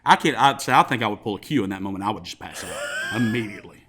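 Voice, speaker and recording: A man's voice: on the low side, huge pitch swings, rapid-fire, bright, forceful tone, husky. A man co-hosting a podcast in casual chat, laughing often and joking at his own expense. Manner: laughs often, self-deprecating. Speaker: podcast co-host.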